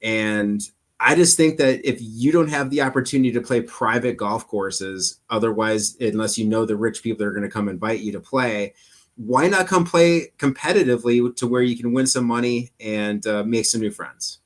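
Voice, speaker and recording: A man's voice: mid-range voice, moderate pace. A man who directs an amateur golf tour, talking earnestly in a loose, rambling way with many fillers. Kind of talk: casual chat.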